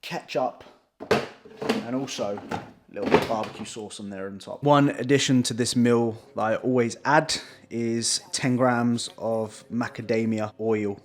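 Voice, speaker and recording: A man's voice: mid-range voice, fairly even intonation, measured pace, background noise. A young man talking casually to camera as a bodybuilding coach, swearing freely and making chatty asides. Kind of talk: casual vlog talk to camera.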